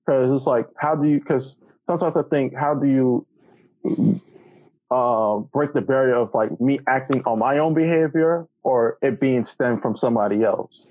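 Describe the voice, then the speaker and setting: A podcast host in a casual interview asks long, rambling questions riddled with fillers and restarts. He has a mid-range voice and a moderate pace, and the recording is dry and muffled.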